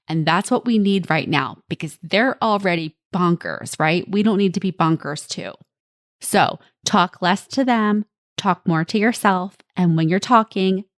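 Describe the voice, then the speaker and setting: A woman's voice: medium pitch, dry recording. Earnest woman coaching parents, dry sound. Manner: earnest, direct, coaching tone with repeated phrases. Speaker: parenting coach and podcast host. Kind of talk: podcast advice monologue.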